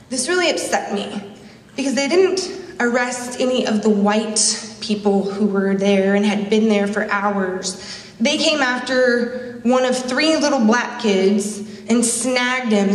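A woman's voice: a little high, a little hiss or hum. Woman telling a story in an echoey hall. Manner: emotional, storytelling with repeated phrases. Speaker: speaker at a conference. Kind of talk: personal story in a public speech. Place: conference hall. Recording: echoey hall, mic from a distance.

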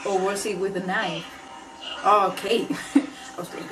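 A woman's voice: medium pitch, steady tone, takes it slowly, over music. A woman hosting a reaction video, chatting casually, laughing often and swearing freely.

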